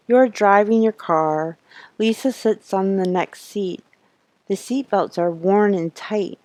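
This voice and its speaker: Woman streamer reading game text aloud, unhurried pace, darker tone. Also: mid-range voice, a little mellow, no echo, rough recording. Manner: reads the text slowly, with asides and laughs.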